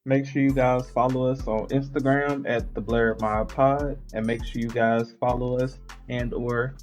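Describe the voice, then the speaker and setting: A man co-hosting a podcast, giving a brisk routine sign-off. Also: medium pitch, steady tone, darkish tone, faint music behind. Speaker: podcast co-host. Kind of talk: show sign-off.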